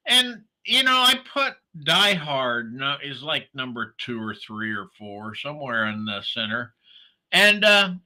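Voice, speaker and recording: Slow, rambling, bright-voiced man. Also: on the high side. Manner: rambling, chatty, lots of fillers and restarts; greets commenters by name. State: sleepy, yawning. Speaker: livestream host. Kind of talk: casual livestream chat.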